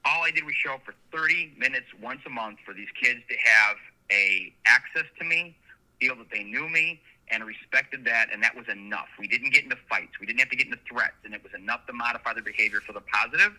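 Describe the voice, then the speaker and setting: Bright-voiced man telling stories by phone. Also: medium pitch, fairly quick. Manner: long anecdotes, earnest and animated. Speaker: sheriff candidate, guest. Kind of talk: casual interview storytelling. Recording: phone line.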